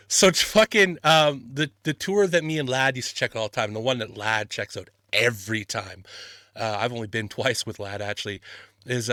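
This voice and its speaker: A man hosting a podcast, telling stories in casual chat, animated, swearing a lot and laughing often. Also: medium pitch, no echo, studio quality. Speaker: podcast host.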